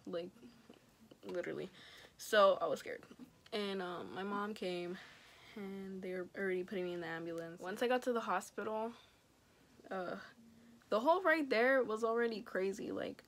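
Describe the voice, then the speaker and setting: A woman's voice: fairly low pitch, steady tone, fairly quick, a little hiss or hum. Rambling young woman telling a story. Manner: rambling, heavy use of "like"; quiet and subdued in stretches. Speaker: vlogger. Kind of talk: casual storytime.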